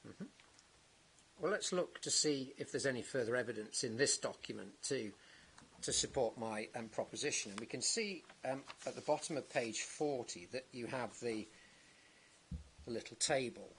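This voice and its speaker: A man cross-examining a witness at a planning inquiry, measured and halting, with many restarts and tag questions. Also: mid-range voice, fairly bright tone, a little hiss or hum. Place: public inquiry hearing.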